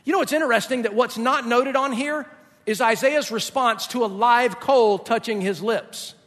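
A man's voice: extremely high pitch, moderate pace, fairly bright tone. A male pastor preaching a sermon in an emphatic, explanatory way. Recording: long reverb of a large hall.

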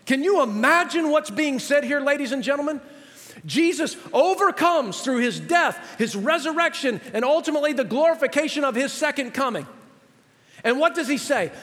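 A man's voice: very high voice, expressive, normal speed. A male pastor preaching a sermon to his congregation, out of breath and speaking with building intensity. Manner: preaching with rising intensity, addresses ladies and gentlemen. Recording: long hall reverb.

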